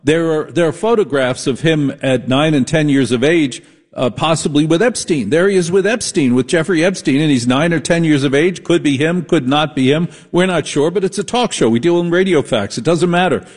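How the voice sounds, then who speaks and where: A man's voice: a little high, fairly quick. A man from the Northeastern United States hosting a late-night radio call-in show, brash, sarcastic and combative. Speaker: radio talk show host.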